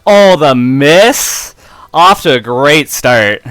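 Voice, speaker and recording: A man giving live gameplay commentary in an excitable way, often breaking into helpless laughter, on a close, dry mic. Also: a little high, extremely slow, clean tone, dry recording. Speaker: competitive game player and video creator.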